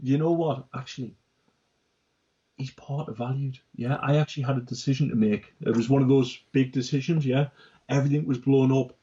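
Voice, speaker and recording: Chatty guy co-hosting a business podcast, mellow husky voice, keeps saying right? yeah?. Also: medium pitch, fairly even intonation, fairly quick, dull audio. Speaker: company director, co-host. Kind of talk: casual business podcast chat.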